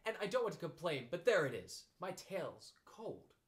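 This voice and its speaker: Man doing a mournful donkey, gloomy, grumbling, storybook, lively pitch swings. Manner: complaining, slow and mournful.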